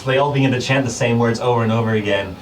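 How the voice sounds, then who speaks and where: A man with a mid-range voice races through his narration as game master of a tabletop game, describing the action with lots of fillers and little laughs. He's recorded from a distant mic, with music playing in the background.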